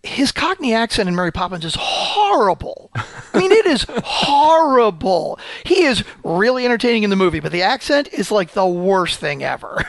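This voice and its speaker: Brief: high-pitched male co-host, teasing and chatty, dry sound. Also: very animated, a little fast, vocal fry, a bit bright, no room sound. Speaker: podcast co-host. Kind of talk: casual chat.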